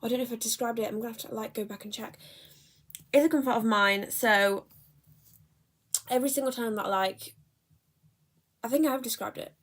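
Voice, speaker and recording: A woman's voice: fairly high pitch, a little fast, long pauses, a bit bright. Chatty young woman vlogging. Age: young adult. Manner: chatty, rambling, self-correcting. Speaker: book vlogger. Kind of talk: casual chat.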